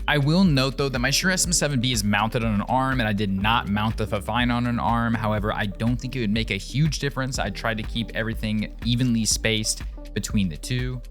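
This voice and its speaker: A man's voice: lowish voice, a bit bright. A man giving a casual, upbeat product review, chatty with joking asides and a slightly nasal voice. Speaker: tech reviewer.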